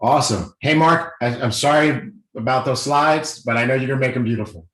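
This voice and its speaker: A man hosting a company call, thanking and praising the speakers warmly. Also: mid-range voice, slight background noise. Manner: effusive, quick praise. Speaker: call host. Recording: echoey room.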